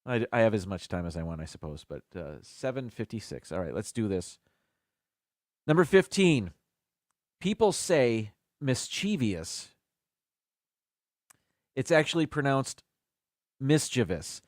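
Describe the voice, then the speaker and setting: A man's voice: fairly low pitch, animated, normal speed, no echo, studio quality. A man hosting a casual live stream by himself, chatting as he thinks aloud. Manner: chatty, muses aloud about word pronunciations.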